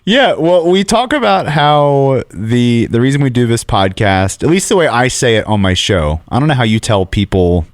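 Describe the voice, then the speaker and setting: A man hosting a casual faith podcast, playful and quick to laugh. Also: mid-range voice, animated, no echo, clean studio sound. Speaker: radio host and podcast co-host. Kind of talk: casual chat.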